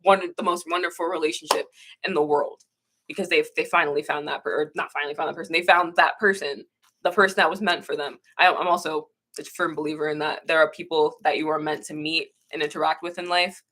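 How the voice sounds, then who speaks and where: Bright-voiced, blunt young woman streamer. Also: sits low, steady tone, fast. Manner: blunt, swears freely, trails off and restarts. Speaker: livestreamer. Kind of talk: casual livestream chat reading comments.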